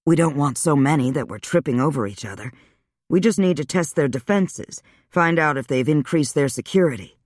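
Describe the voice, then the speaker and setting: A man voicing a weary, wry male vampire, speaking low and subdued in a dry audiobook reading. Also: animated, normal speed, no echo. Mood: steady.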